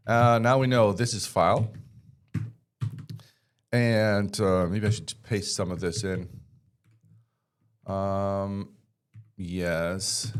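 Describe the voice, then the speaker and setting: A man teaching a casual screen-share tutorial, chatty and joking, with rambling asides. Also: on the low side. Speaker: tech instructor.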